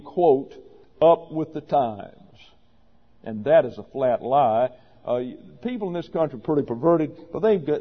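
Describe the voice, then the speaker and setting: A man preaching a sermon to a congregation, emphatic and wry, with sarcastic asides. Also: mid-range voice. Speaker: pastor. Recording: dull audio with long reverb.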